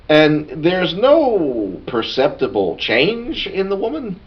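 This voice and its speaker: A man's voice: on the high side, huge pitch swings, slow pace, few pauses. A man recapping a tabletop game session in a casual, rambling way, full of asides. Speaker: podcast co-host. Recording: dull lo-fi sound.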